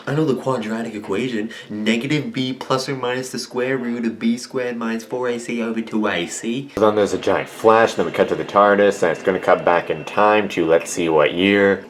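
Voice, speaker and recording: Rambling low-voiced man reviewing at home. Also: a little fast, hardly any pauses. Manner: rambling, self-correcting, jokey. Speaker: show reviewer. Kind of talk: casual review commentary. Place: at home with a cat on his lap.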